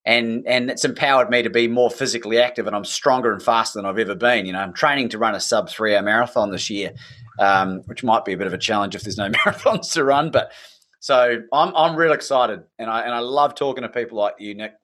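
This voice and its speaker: A man's voice: lowish voice, fast talker, fairly bright tone. A man hosting a casual conversation, speaking emphatically and with enthusiasm, swearing freely.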